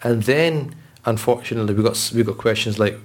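A man's voice: mid-range voice, a little fast. A man, a religious scholar, talking earnestly in a podcast conversation, telling stories with frequent restarts. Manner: earnest, storytelling, with repeated restarts.

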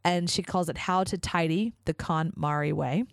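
A woman's voice: fairly low pitch, moderate pace, creaky, no room sound. A woman hosting her own podcast, talking in a chatty, enthusiastic way with lots of casual fillers. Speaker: podcast host. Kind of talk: casual solo podcast monologue.

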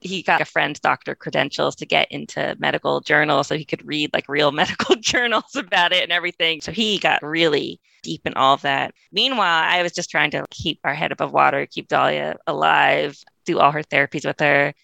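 A woman's voice: low voice, vocal fry, no echo. A woman guest in a podcast interview telling a long personal story in a chatty way, laughing often and acting out what others said. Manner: fast, chatty, laughs often, quotes people in lively voices.

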